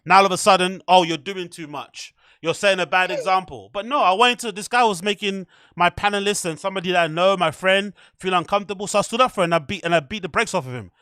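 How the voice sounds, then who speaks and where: A young man with a high, bright voice talks through a loose, rambling podcast chat, packed with fillers and swearing. The sound is dry and close, with no room around it. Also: very fast, hardly any pauses, clear, resonant tone, no room sound. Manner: rambling, animated, swears a lot, filler-heavy. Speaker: podcast host. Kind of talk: casual chat.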